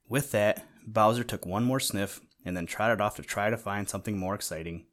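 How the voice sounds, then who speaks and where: A man narrating a children's animal storybook, gently addressing the listener along the way. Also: fairly low pitch, normal speed, few pauses.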